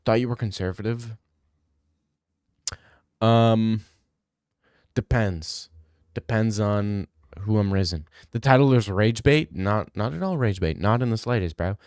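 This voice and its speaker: A man's voice: lowish voice, unhurried, pauses often, a little mellow, clean tone, no room sound, studio quality. A young man streaming and reading out viewer messages in casual chat, laid-back and blunt, swearing freely.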